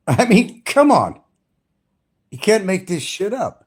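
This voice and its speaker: A man's voice: high voice, big pitch swings, takes it slowly, slightly rough. An older retired man talking bluntly and profanely on a casual livestream, mocking people and laughing often. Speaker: livestream host. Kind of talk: casual rambling livestream chat.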